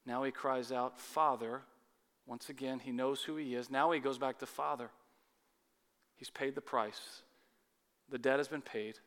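A man preaching a sermon with dramatic swings between loud urgency and hushed intensity. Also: medium pitch, fairly even intonation, measured pace, long pauses. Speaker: pastor. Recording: long hall reverb.

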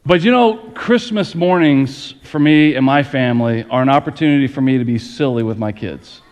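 A man's voice: mid-range voice, moderate pace, a little mellow, highs cut off. A middle-aged man preaching a playful Christmas sermon as pastor, talking straight to his congregation. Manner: playful, addresses the congregation directly. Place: church sanctuary with congregation. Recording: long hall reverb, audience noise.

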